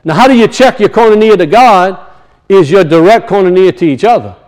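A man with a high-pitched voice preaching a sermon. He speaks emphatically, repeats his key points, and calls out to his congregation for a response. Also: animated, fairly quick, a little mellow, low-quality recording. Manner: emphatic and repetitive, calling out to the congregation.

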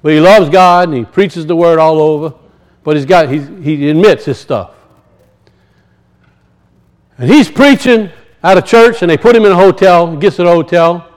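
A man preaching a sermon and telling stories, swinging from loud high peaks to low muttered asides. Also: normal speed, pauses often, low-quality recording. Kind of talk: sermon with storytelling.

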